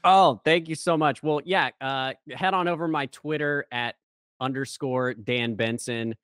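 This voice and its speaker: A man from the United States, a guest actor, talking in a casual interview and getting animated when excited. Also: mid-range voice, unhurried, clean tone, dry recording, studio quality.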